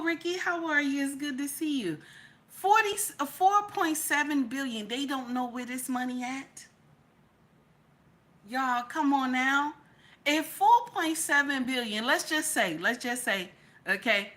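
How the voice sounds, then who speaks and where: A woman with a high, bright, cutting voice delivers a loose, heated livestream rant. She fires off repeated rhetorical questions, swears freely and breaks off to greet viewers in the chat. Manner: animated, profane, rhetorical, repeats questions for emphasis; addresses chat viewers directly. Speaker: livestream commentator. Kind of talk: casual ranting livestream commentary.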